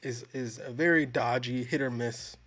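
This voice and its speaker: A man co-hosting a film review podcast, chatting casually in a dry, deadpan, long-winded way. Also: medium pitch, normal speed. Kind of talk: casual chat. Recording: dull lo-fi audio.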